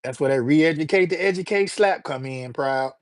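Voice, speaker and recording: A middle-aged man runs a casual live stream, talking straight to his chat in a loose, joking manner full of slang. His voice sits a little higher than most men's, and the sound is close and dry. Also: moderate pace, dry recording. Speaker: livestream host.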